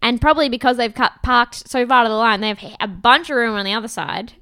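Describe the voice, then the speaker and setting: Young woman, podcast co-host, bright crisp voice, wry and quick, dry close mic. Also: a little high, dry recording. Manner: wry, laughs often, quick follow-up questions. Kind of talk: casual chat.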